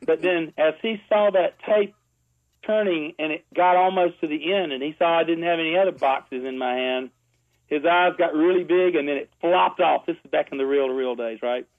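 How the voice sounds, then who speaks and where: A chatty man with a high voice tells a long story for an interview, laughing often and trailing off into fillers and restarts. The sound is tinny and narrow, like it is coming down a phone line. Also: moderate pace. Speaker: ad music composer, guest.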